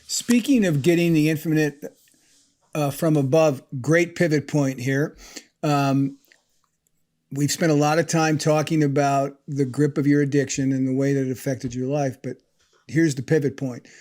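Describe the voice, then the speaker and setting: A man hosting a podcast, asking questions in a measured way with some fillers. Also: on the high side, fairly even intonation, a little mellow. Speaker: podcast host. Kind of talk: interview questions.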